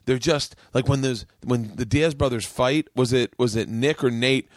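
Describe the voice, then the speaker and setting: A man hosting a podcast, chatting casually and telling stories with excitable emphasis. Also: mid-range voice, moderate pace, no room sound, studio quality. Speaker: podcast host. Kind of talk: casual chat.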